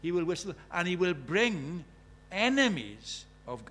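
Male preacher, high voice, chatty sermon with questions to the pews, scripture read with rising force. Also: sing-song, measured pace, a bit bright. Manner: conversational, asks the congregation many questions.

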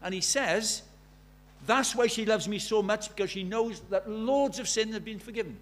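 Emphatic higher-voiced male preacher. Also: moderate pace, a bit bright. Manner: questioning, rhetorical, emphatic. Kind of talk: sermon.

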